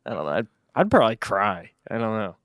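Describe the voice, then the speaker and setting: Lowish guy, blunt, swears, dry mic, keeps saying dude. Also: very animated, a little fast, a bit bright, no echo. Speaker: podcast co-host. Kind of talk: casual chat.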